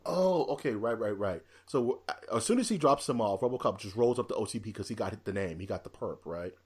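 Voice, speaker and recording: A man chatting casually about a movie on a podcast, retelling scenes with energy. He drops into quick impressions of the lines as he goes. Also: on the low side, husky. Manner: animated, acts out movie lines mid-story. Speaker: podcast host. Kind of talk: casual movie review chat.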